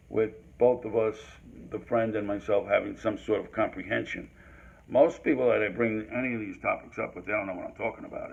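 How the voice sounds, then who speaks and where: An older man talks on in a loose, rambling monologue, stopping and restarting with plenty of fillers. His voice sits low and gravelly with a husky edge. The recording sounds dull and lo-fi. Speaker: history talk host.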